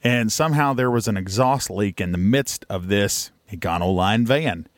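A man's voice: on the low side, moderate pace, no echo. A man, co-hosting a podcast and telling a rambling road story in a folksy, casual way. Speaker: podcast co-host.

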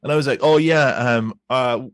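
A young Irish man who tells a rambling story in casual chat. His voice sits at a middle pitch, and the sound is dry and close, with no room in it. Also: normal speed, clean tone, dry recording. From Ireland. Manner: rambling, animated, laughs through his stories. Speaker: guest.

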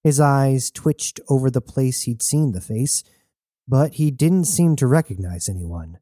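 A man reading a novel aloud as narrator in a steady storytelling manner. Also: medium pitch, unhurried, dry recording, clean studio sound. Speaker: audiobook narrator. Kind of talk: scripted narration.

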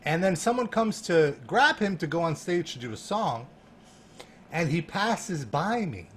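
A man spins an excited story in casual conversation, laughing often and piling up fillers and false starts. His voice sits a touch high. Faint background noise lies beneath him. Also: a little slow. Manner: animated, laughing, lots of fillers and restarts. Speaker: guest. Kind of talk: casual storytelling in a podcast chat.

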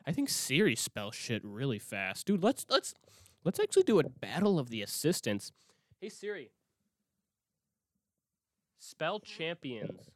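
A young man talks into his mic in a loose, profane solo podcast rant, often stopping and restarting his sentences. His pitch swings widely as he goes. The sound is close and dry, with no room around it. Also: wildly swooping pitch, moderate pace, fairly bright tone, dry recording. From Minnesota. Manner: rambling, profane, self-interrupting. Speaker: podcast host.

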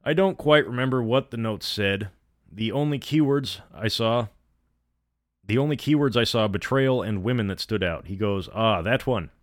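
A man's voice: medium pitch, moderate pace, no room sound, studio quality. A man reading a personal story aloud, adding blunt, sarcastic asides of his own. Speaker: story reader.

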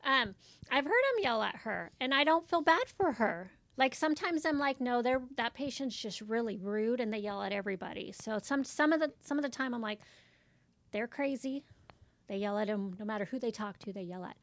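Front desk woman, blunt and exasperated, fairly high voice, dry close sound. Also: lively intonation, normal speed, no room sound. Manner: blunt, exasperated storytelling acting out dialogue. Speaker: medical office front desk worker. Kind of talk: casual chat.

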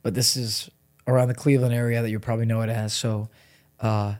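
A man's voice: medium pitch, level tone, fairly quick, a little mellow. A young man from Ohio, a podcast guest, chatting casually and joking, often slipping into quoted voices. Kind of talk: casual chat.

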